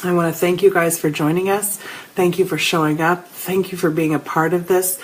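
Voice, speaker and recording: A woman's voice: fairly low pitch, moderate pace, breathy edge, low-quality recording. A middle-aged woman hosting a spiritual live show, telling stories and chatting casually with viewers she names as she goes. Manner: animated storytelling, addresses viewers by name.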